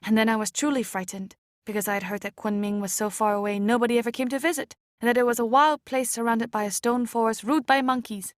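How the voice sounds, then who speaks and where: A woman reading an audiobook chapter aloud in a measured, expressive way. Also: on the high side, no room sound, clean studio sound. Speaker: audiobook reader. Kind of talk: scripted narration.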